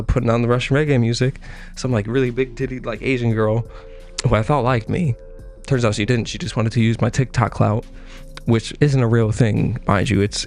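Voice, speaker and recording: Rambling, profane young man telling a story. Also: a little mellow. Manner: rambling, profane, bursts into squeaky voices for quoted people. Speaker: podcast host. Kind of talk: casual storytelling monologue.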